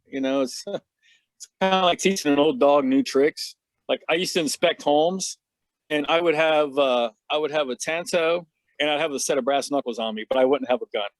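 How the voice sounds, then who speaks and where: A man's voice: on the high side, moderate pace, no echo. Frank, easygoing man with a dry voice. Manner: laid-back, frank, laughs at himself, swears casually. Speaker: podcast guest, martial artist. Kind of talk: casual podcast chat.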